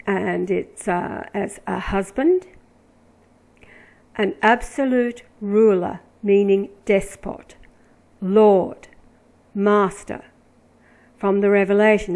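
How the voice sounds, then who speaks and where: Slow, deliberate woman reading scripture. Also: mid-range voice, a little mellow, low-quality recording. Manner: deliberate, emphatic, drawing out words when reading verses. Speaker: religious commentator.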